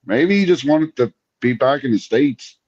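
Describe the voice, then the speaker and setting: A man co-hosting a sports podcast, matter-of-fact and quick to correct the others. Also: mid-range voice, animated, a little mellow, highs cut off. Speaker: podcast co-host. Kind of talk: casual sports chat.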